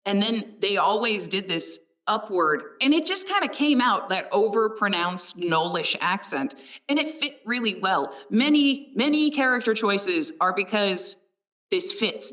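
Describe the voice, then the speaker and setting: A woman's voice: lowish voice, bright, forceful tone, recorded from a distance. A woman who narrates audiobooks talking casually and enthusiastically, often laughing. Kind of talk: casual conversation.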